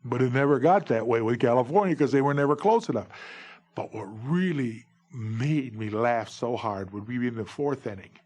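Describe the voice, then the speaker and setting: A husky-voiced man in his forties spins jokey tales from his days as a baseball umpire. His telling is lively, and his voice sits at an ordinary middle pitch. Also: normal speed. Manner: lively, jokey, breaks into shouted umpire calls. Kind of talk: humorous anecdotal storytelling.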